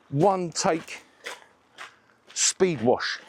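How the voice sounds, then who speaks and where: A man chatting to camera while washing a car, relaxed and a little out of breath. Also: mid-range voice, a little hiss or hum. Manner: chatty, slow and unhurried, self-deprecating. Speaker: car detailing vlogger.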